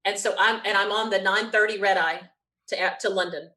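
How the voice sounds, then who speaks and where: A woman, a guest telling an animated story with quick bursts and frequent laughter. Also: medium pitch, rough recording. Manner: lively, quick storyteller who laughs often. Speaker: interview guest.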